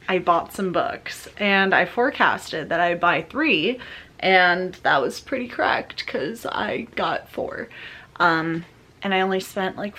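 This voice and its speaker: A young woman vlogs about books in a loose, chatty way, leaning in close to her camera as if sharing gossip. She takes her time, drawling through her words and piling up fillers. Her pitch sits in a middle range for a woman. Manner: chatty, filler-heavy, animated storytelling. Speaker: book vlogger. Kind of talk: casual vlog chat. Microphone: camera mic, talking close to camera.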